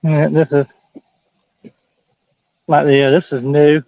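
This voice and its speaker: A man's voice: fairly high pitch, level tone, takes it slowly, creaky, lo-fi sound. A man casually chatting outdoors beside a stream, giving easygoing short replies. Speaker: host's husband, co-host. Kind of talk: casual chat. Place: outdoors by a waterfall.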